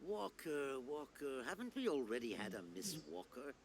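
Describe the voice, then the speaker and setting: A man's voice: on the high side, big pitch swings, normal speed, a little hiss or hum. A man voicing a pompous, rule-bound old university rector in a video game. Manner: pompous, formal.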